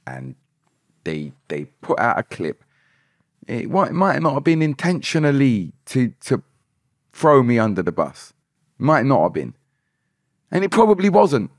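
This podcast conversation features a musician guest who is emphatic and keeps repeating phrases like "hundred percent." He speaks at a medium pitch with huge swings, taking his time and leaving long pauses, captured as clean studio sound without echo.

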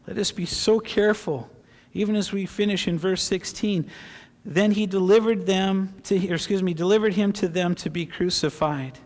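Middle-aged male pastor, higher-pitched voice, emotional preaching style, recorded in an echoing sanctuary. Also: fairly even intonation, moderate pace. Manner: impassioned, swinging from loud fervor to hushed emotion. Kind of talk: sermon. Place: church sanctuary. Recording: long reverb of a church hall.

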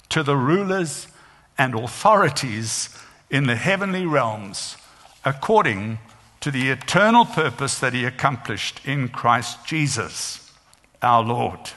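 An older man, a former senior pastor, preaching a sermon in measured, emphatic phrases. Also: mid-range voice, expressive, bright, forceful tone. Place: large church. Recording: long church reverb.

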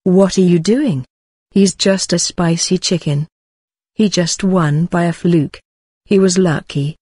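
Woman reading defiant young fighter woman, mocking, husky lowish voice. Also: takes it slowly, mellow, no echo, studio quality. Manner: scornful, defiant.

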